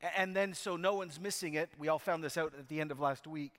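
A man's voice: on the high side, fast talker, a bit bright, big-room sound. A man preaching a sermon as pastor, telling the story emphatically with frequent restarts.

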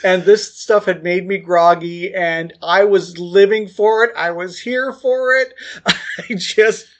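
A man's voice: sits high, slow pace. A man co-hosting a podcast in casual banter, telling stories animatedly and laughing often. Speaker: podcast co-host.

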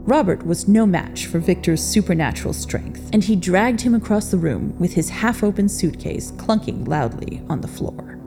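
A woman narrating a story as an expressive storyteller, in a scripted reading. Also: on the low side, normal speed, creaky, hardly any pauses, music in the background.

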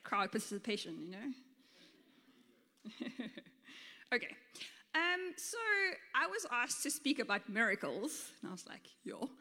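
A woman's voice: a little high, bright, forceful tone, long reverb tail. A woman teacher giving a playful storytelling sermon, laughing often and talking informally. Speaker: teacher and guest speaker.

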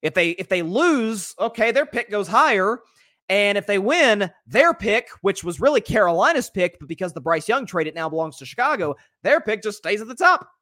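A young man hosts a sports podcast in a high-pitched voice at a moderate pace, recorded dry with clean studio sound. He talks casually and animatedly, rambling and interrupting himself with frequent restarts and self-corrections.

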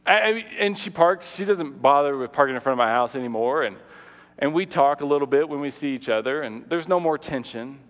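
A man's voice: medium pitch, animated, brisk, fairly bright tone. Guy preaching a story, lots of repeats, acts out quotes, big echoey hall. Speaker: pastor. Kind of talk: sermon with personal story.

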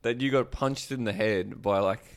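Australian male host, lower pitch, easygoing banter with some swearing. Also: normal speed. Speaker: podcast host. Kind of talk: casual podcast chat.

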